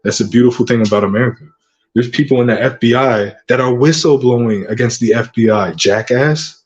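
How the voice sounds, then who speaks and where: A man's voice: mid-range voice, fast talker, dull audio. A man hosting his own channel, delivering an aggressive, profane rant full of taunting insults. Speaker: channel host. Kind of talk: ranting vlog monologue.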